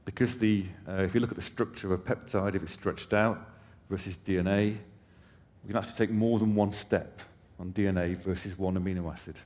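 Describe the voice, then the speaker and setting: A man's voice: deep voice, steady tone, brisk, a little mellow. A man giving a conference presentation, explaining things conversationally with casual asides to the audience. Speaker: company presenter. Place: conference hall stage. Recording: long hall reverb.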